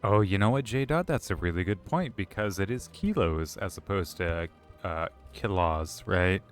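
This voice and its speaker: A man's voice: low-pitched, expressive, moderate pace, faint music behind. A man giving casual, joking live-stream commentary while playing a game, rambling with restarts, drinking as he talks. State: drinking alcohol.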